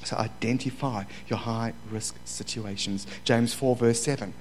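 A middle-aged man preaching a sermon, moving from quiet asides to loud, fervent passages. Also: medium pitch, steady tone, measured pace, poor audio. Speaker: pastor. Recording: faint mains hum.

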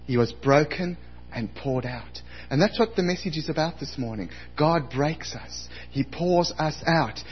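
High-voiced preacher, husky and animated. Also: male voice. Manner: animated storytelling, acts out his own past outbursts. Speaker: pastor. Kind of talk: sermon. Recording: dull lo-fi recording.

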